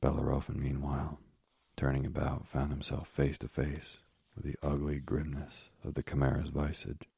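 Narrator, male: very deep, raspy and monotone, dry booth sound, measured storybook reading. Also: no echo.

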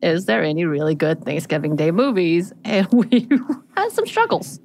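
Lively woman podcast co-host. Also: lowish voice, normal speed, vocal fry. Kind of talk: casual podcast chat.

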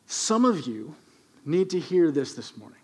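A middle-aged male pastor with a high, light voice delivers a storytelling sermon. He mixes humor into his retelling and keeps an animated, conversational manner. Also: measured pace, husky.

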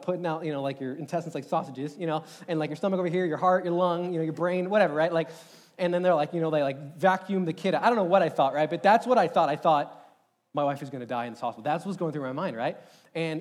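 A young man telling a personal story in a sermon, animated and rambling, with many filler words. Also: a little high. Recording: long hall reverb.

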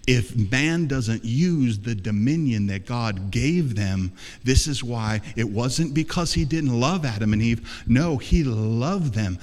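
A man with a mid-range, slightly mellow voice preaches an emphatic sermon as pastor, calling on the congregation to respond. The recording carries the long reverb of a large hall.

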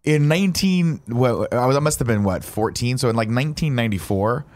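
A man in his forties, a podcast host telling stories in casual, animated and rambling chat. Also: mid-range voice, a little fast.

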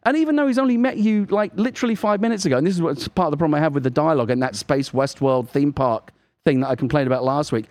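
Fast-talking animated man telling game stories. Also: a little high. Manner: animated storytelling, swearing, acting out game lines. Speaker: podcast co-host. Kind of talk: casual chat.

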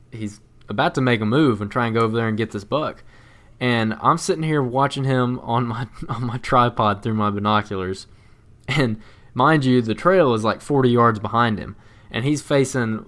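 A man co-hosting a podcast, telling a story in casual chat in a rambling, animated way with frequent laughs. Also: medium pitch. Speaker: podcast co-host.

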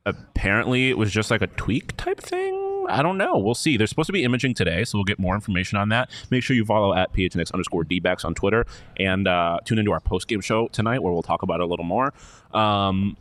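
A man's voice: on the low side, big pitch swings, fast, fairly bright tone, dry recording. A man co-hosting a sports podcast in casual chat, joking and self-deprecating. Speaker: podcast co-host.

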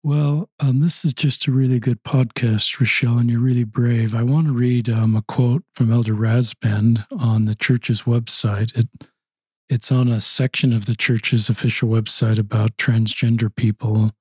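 A man hosting a podcast interview, speaking in an earnest, measured and gently apologetic way. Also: medium pitch, fairly even intonation, breathy edge, no echo. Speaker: podcast host. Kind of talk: casual interview chat.

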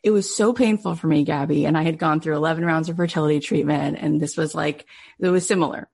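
A woman's voice: low voice, fairly even intonation, fast talker, creaky, darkish tone, breathy edge. A middle-aged woman podcast host telling an emotional personal story in an earnest, heartfelt way, full of casual fillers.

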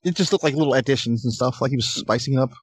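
A man's voice: medium pitch, rapid-fire, breathy edge, dry recording. A man co-hosting a podcast, chatting casually and making dry, wry remarks. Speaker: podcast co-host. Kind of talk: casual chat.

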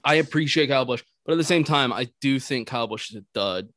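A man's voice: mid-range voice, lively intonation, quick pace, fairly bright tone, dry recording. A man in the middle of his range, chatting easily as a podcast co-host. He agrees readily and drops in opinions, recorded dry and close to the mic. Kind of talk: casual chat.

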